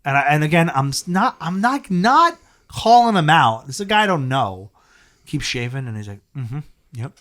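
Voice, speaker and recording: A man's voice: on the high side, sing-song, normal speed, a bit bright. A man, a comedian guest, telling a rambling, profane story in casual podcast chat. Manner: profane, rambling anecdote with frequent laughs and restarts.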